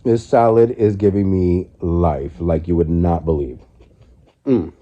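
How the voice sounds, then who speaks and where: Low-pitched and unhurried, with fairly even intonation and a dark tone, the man sounds muffled on the recording. A vlogger in his forties, he eats on his living room couch in a casual mukbang vlog filmed on his phone, speaking reflectively and candidly with loose restarts.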